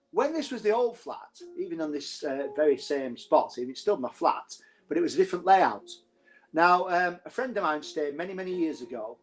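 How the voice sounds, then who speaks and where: Chatty northern English man telling ghost stories. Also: a little high. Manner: chatty, jokey, laughs often. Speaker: host. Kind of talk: live-streamed ghost storytelling.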